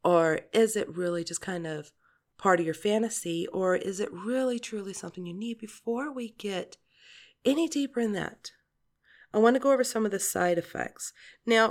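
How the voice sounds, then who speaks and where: A woman in her forties hosting a podcast, talking in a chatty, rambling monologue, laughing often and swearing casually. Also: mid-range voice. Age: 40s. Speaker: podcast host.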